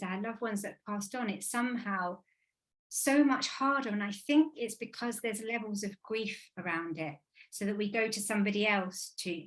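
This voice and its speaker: In her thirties and from England, a woman guest discusses spirit and grief with earnest emotion, rambling as she goes. It's a casual spiritual talk, delivered in a mid-range voice with a fairly bright tone.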